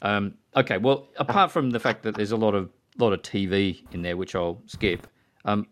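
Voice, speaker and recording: A man's voice: lowish voice, moderate pace, fairly bright tone. A man hosting a casual podcast chat, chatty and prone to quoting films. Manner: chatty, quotes films in put-on voices. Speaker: podcast host.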